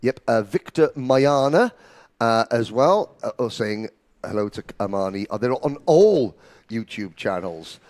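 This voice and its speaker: A jokey man calling a live kart race, chatty and quick to laugh between updates. His mid-pitched voice sits close and dry on a studio commentary mic, with no room sound around it. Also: animated, a little mellow, no room sound. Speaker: karting commentator.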